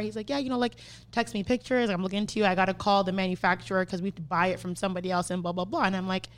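A woman's voice: medium pitch, very fast. A young adult woman, a podcast host telling a story in casual, profane chat and acting out what people said. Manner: profane, animated, acts out quotes.

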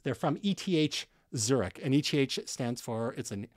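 A man's voice: mid-range voice, lively intonation, normal speed, no room sound, studio quality. A man from Canada co-hosting a tech podcast, explaining news in a casual, conversational way with fillers and restarts. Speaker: podcast co-host.

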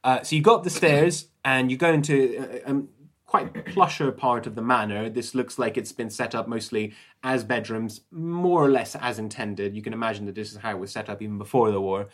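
Chatty game master with easygoing delivery. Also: male voice, medium pitch, brisk. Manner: relaxed, chatty, many fillers. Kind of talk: narrating a tabletop game.

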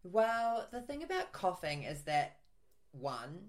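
A man's voice: high voice, big pitch swings, slow pace, very noisy. A man co-hosting a podcast in casual chat, playful and teasing. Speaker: podcast co-host.

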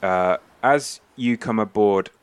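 Low-voiced game master. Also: male voice, slow pace, clean tone, no echo. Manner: loose, rambling, full of fillers. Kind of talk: narrating a tabletop game.

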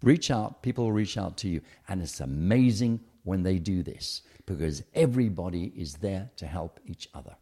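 Deep-voiced British man telling a story. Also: normal speed, hardly any pauses, breathy edge. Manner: animated, acts out the people in his stories. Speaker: guest. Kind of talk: conversational storytelling.

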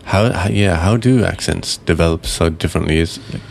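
A man's voice: low-pitched, brisk, gravelly, slight background noise. A British man hosting a casual podcast chat, thoughtful and rambling with many fillers.

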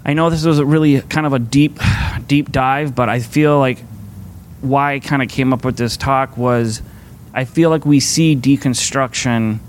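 A man's voice: medium pitch, steady tone, moderate pace, a little hiss or hum. A man giving a casual, conversational sermon to a faith community, earnest and rambling, restarting his sentences often.

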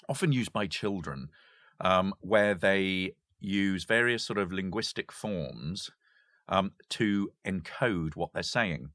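A man's voice: lowish voice, no echo, clean studio sound. A man, a history professor, talking casually about language games with lots of restarts and giggles. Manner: animated, giggly, hesitant restarts. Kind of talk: casual conversation.

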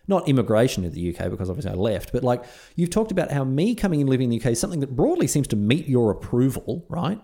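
An Australian man co-hosting a podcast, his speech animated and full of rises and falls. His voice is mellow, and he sounds earnest and reflective, hunting for the right words as he thinks aloud. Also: medium pitch, quick pace, gravelly. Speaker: podcast co-host. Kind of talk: casual chat.

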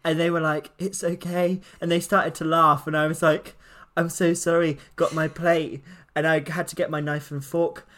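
A man's voice: on the high side, moderate pace. A man, co-hosting a casual podcast chat and telling a funny story animatedly, laughing as he goes. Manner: animated, laughs through his story, acts out quoted lines. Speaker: podcast co-host.

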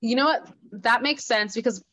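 A woman co-hosting a podcast in casual recap chat, animated and emphatic with quick asides. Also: fairly high pitch, dry recording. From not from New York. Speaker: podcast co-host.

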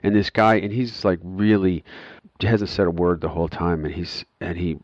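A man's voice: sits low, fairly even intonation, normal speed, darkish tone, no room sound, highs cut off. A man hosting an interview, telling rambling anecdotes and laughing often. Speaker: podcast host. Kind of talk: conversational interview.

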